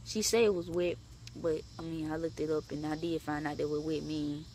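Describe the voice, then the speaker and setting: Young woman, casual vlog storytelling, animated, swearing freely, sudden high pitch jumps, faint background noise. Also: normal speed. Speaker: vlogger.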